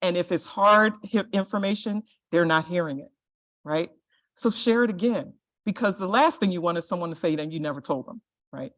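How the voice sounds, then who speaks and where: A woman's voice: fairly low pitch, normal speed, a bit bright. A middle-aged woman giving a lecture presentation to health professionals, earnest and direct, often checking in with "right?". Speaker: guest speaker, compliance and privacy officer.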